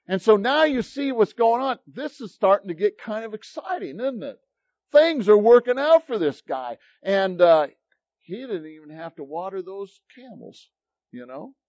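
Pastor guy preaching, animated and emphatic, dull dry lo-fi recording. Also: sits high, no echo. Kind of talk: sermon.

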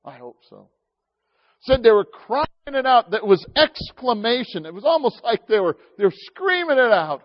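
A man's voice: very high voice, sing-song, normal speed. A man preaching a sermon, telling folksy stories with asides to his congregation. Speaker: pastor. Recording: slightly dull lo-fi sound.

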